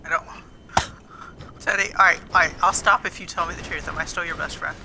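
A young man chatting calmly and teasing a panicked friend while he plays a video game. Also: on the high side, brisk, gravelly, noisy background. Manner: teasing, calm, laughing. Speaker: gamer driving. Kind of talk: casual gameplay chat.

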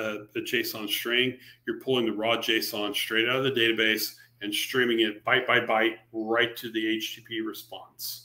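A man presenting a software library at a virtual user group meetup, talking casually with fillers, restarts and sarcastic asides. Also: mid-range voice, fairly even intonation, measured pace. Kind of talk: technical presentation on a live stream. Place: remote meetup talk over a video call.

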